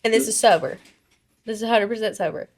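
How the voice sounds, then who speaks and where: A woman's voice: a little high, fast talker. A woman co-hosting a podcast in casual chat, brash, profane and teasing. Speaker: podcast co-host.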